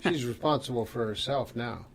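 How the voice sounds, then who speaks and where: A man's voice: medium pitch, moderate pace, creaky. An older man, a podcast guest, speaking hesitantly with many fillers and a dry humor. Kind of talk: casual podcast chat.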